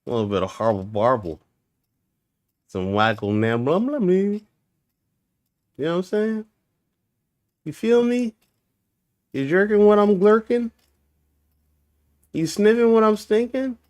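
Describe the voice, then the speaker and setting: A man's voice: high-pitched, unhurried, long pauses, a little mellow. A young man streaming, chatting casually and joking with made-up nonsense words. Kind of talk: casual livestream chat.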